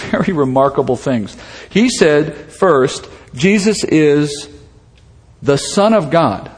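A man preaching a sermon in a conversational, storytelling way, asking rhetorical questions as he goes. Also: fairly high pitch. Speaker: pastor. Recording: long reverb of a hall.

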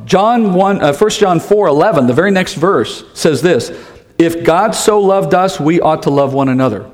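A man preaching in a reverberant church, his slightly high voice ringing out into the hall. He keeps it conversational, asking the congregation questions and tossing in the odd joke. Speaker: pastor. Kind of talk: sermon.

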